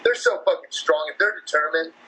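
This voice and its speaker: A man co-hosting a podcast in casual chat. He jokes around in a relaxed way and swears freely. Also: on the high side, fairly quick, breathy edge, low-quality recording. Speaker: podcast co-host.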